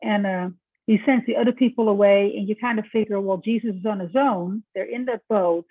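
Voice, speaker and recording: In a lecture recording, a woman with a brisk, mid-range voice talks to students conversationally, often restarting and checking in with them. The audio is dry and tinny, almost like a phone.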